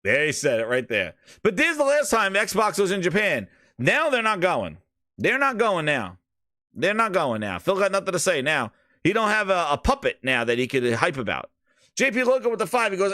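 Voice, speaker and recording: Solo male gaming host, loud mocking rants, higher voice, dry close mic. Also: normal speed, dry recording. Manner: profane, mocking, animated. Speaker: podcast host. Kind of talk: casual gaming rant.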